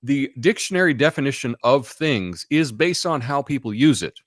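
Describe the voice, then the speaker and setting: A man's voice: mid-range voice, animated, normal speed, dry recording, studio quality. Offhand American man hosting a live stream. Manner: rambling, offhand, reads chat comments aloud. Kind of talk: casual live-stream chat.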